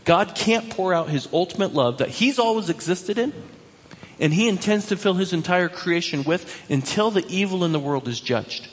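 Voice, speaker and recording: Husky-voiced man preaching in a reverberant hall. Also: high-pitched, moderate pace. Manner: animated, emphatic preaching with repetitions. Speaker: pastor. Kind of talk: sermon.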